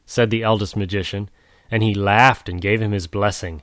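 A man reading a storybook aloud in a measured way, tenderly addressing the listener. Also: lowish voice, fairly even intonation, fairly bright tone, dry recording, clean studio sound. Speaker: narrator.

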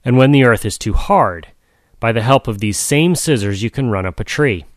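A man's voice: mid-range voice, animated, normal speed, no echo, studio quality, natural voice. A man voicing a cheerful, generous little girl in a storybook reading.

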